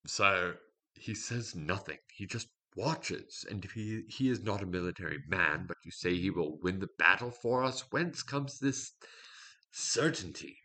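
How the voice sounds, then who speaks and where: A man's voice: low voice, expressive, a little slow, pushed and bright, full character voice. A man reading the part of a nervous, grumbling male general who speaks in an uneasy, deferential, hesitant way. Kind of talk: fiction reading.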